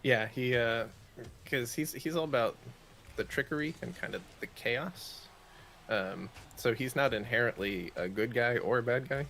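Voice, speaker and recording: A man's voice: medium pitch, measured pace, fairly bright tone, a little hiss or hum. A man co-hosting a morning gaming stream, chatting in a laid-back, easygoing way. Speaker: co-host. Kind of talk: casual livestream chat while gaming.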